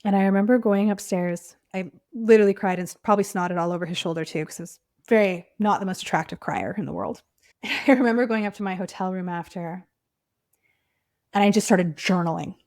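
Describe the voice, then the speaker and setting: A woman in an everyday pitch, hosting her own podcast and sharing a personal story. She talks casually, with plenty of "like," and stays heartfelt and emotional throughout. Her voice often sinks to a soft near whisper. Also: a little fast, dry recording, studio quality. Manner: casual, frequent "like" fillers. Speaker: podcast host and clinic owner.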